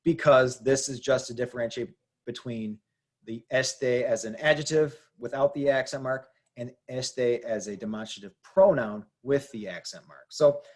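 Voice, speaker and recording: A man teaching Spanish spelling in English, patiently explaining rules and repeating example words slowly. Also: medium pitch, a little mellow. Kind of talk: explaining grammar to learners.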